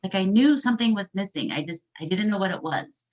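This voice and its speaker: A woman's voice: mid-range voice, expressive, brisk, a little mellow. A woman guest in a casual interview, speaking candidly and emotionally, with laughs and sighs. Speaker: interview guest, coaching client.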